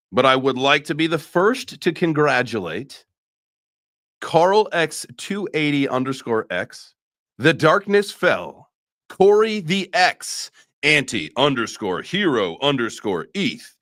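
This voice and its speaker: A man's voice: medium pitch, fairly bright tone, no room sound. A man hosting a casual crypto livestream, joking loosely and swearing freely. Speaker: host.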